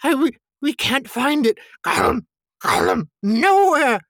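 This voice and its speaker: A man's voice: very high-pitched, big pitch swings, a little slow, vocal fry, a bit bright, no echo, studio quality, pitched above the performer's own voice, full character voice. A man reading aloud and voicing a wretched, tormented creature that hisses, whines and sobs. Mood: sobbing torment. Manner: shrieking, sobbing, hissing.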